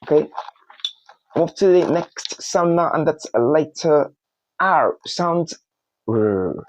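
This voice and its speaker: A man teaching a phonics lesson, spelling out letters one by one and repeating each word slowly. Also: on the high side, animated, highs cut off, a little hiss or hum.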